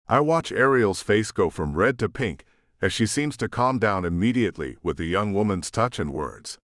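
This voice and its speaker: A man narrating a romance audiobook in an expressive first-person storytelling style. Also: fairly low pitch, normal speed, dry recording, clean studio sound. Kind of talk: scripted narration.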